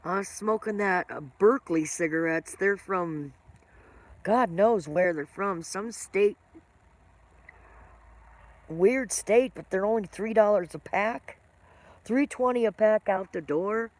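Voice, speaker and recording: A woman's voice: medium pitch, takes it slowly, pauses often. Chatty older woman with a smoker's cough. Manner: rambling, chatty, answers viewer comments by name. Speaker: live-stream host. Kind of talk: casual live-stream chat with viewers.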